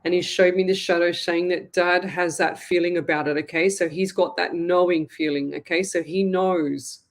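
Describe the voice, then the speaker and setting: An Australian woman hosting a live psychic reading, speaking in a sympathetic, halting way and repeating herself often. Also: lowish voice, fairly even intonation. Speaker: psychic medium host.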